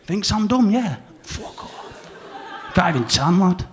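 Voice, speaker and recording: Laddish young Salford stand-up. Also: male voice, high voice, sing-song, normal speed, a little hiss or hum. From Salford, England. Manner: laddish, rambling, slips into mimicking voices. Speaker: new act comedian. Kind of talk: stand-up set. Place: comedy club stage.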